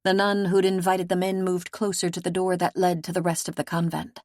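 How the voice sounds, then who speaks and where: A woman narrating an audiobook in a measured, steady storytelling manner. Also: fairly low pitch, no echo, clean studio sound.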